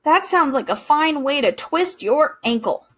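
A woman voicing a timid, fussy male goose in a children's storybook reading, worried and slow, drawing out her words. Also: high-pitched, expressive, voice pushed up. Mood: grumbling.

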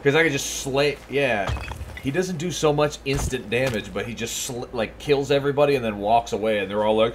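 A man's voice: mid-range voice, brisk. A man streaming a video game who chats casually, laughs often and mimics the characters. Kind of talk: casual gaming commentary. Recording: stream audio with loud noise.

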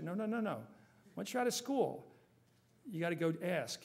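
A man answering audience questions at a forum, emphatic and animated, quick to joke. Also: sits high, creaky. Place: university forum hall.

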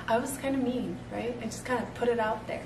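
A woman's voice: a little high, fairly even intonation, moderate pace, recorded from a distance, a crowd in the background. A woman in her thirties chatting casually in a vlog, laughing often as she talks. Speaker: fitness vlogger. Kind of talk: casual chat. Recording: roomy sound from off-mic, faint noise.

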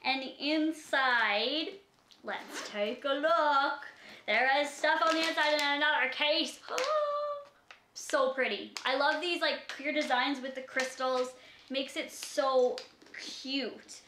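Young canadian girl doing an unboxing vlog, super gushy, slow easy pace, roomy echo. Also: sits high, background noise. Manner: gushing, excitable, frequent gasps. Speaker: YouTuber opening a gift. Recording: echoey room.

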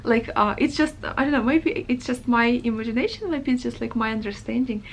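A woman's voice: a little high, creaky, a little hiss or hum, low-quality recording. A woman book vlogger reflecting thoughtfully on a novel, hedging with many fillers as she works out her thoughts. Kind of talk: reflective reading-vlog chat.

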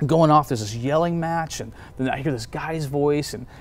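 A man, a pastor, telling personal testimony stories in a relaxed conversation, acting out the voices of the people he quotes. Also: on the high side, moderate pace. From United States.

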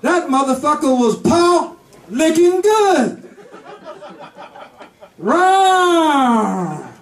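A man's voice: very high voice, heavily acted. A man voicing a hungry, savage male lion who roars and laughs as he gloats, recorded in an echoey room from a distance.

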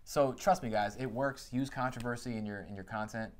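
A man in his thirties co-hosting a casual podcast chat, talking in an animated, emphatic way with a lot of slang. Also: mid-range voice, brisk. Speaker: podcast co-host.

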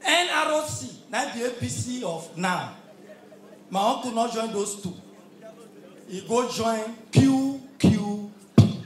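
A Nigerian man MCs a live event with stand-up comedy in a very high, animated voice. He speaks slowly with long pauses, shouting punchy lines and humming and laughing between them. The hall is echoey, with crowd noise and faint music in the background.

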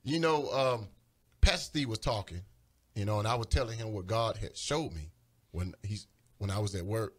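A man's voice: on the low side, moderate pace, husky. A man talking on a studio radio show, preaching with growing fervor and pleading urgency. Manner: preaching fervently, voice rising and pleading. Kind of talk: impassioned religious radio talk. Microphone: studio microphone.

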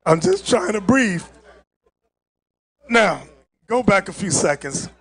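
High, lively-voiced man preaching commentary. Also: slow pace, a crowd in the background. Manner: animated, interrupting with sudden high exclamations. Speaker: pastor commenting on a video. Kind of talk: live commentary on played clips.

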